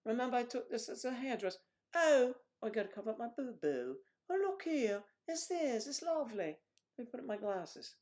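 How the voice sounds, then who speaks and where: A fussy, camp hairdresser chatters in a squeaky, fluttering voice, as a man puts it on. The pitch jumps far above the speaker's own and darts around, and he talks fast and gushes over every little thing. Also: expressive, darkish tone. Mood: gushing.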